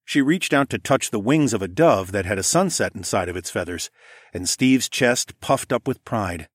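A man with a lowish voice reads a first-person story aloud in a steady, plain way. The recording is dry and close, with no room sound. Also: normal speed, dry recording. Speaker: audiobook narrator.

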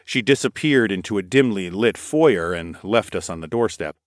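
A man reading an audiobook in first person with a steady, expressive delivery. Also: on the low side, normal speed, dry recording, clean studio sound. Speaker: audiobook narrator. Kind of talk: scripted narration.

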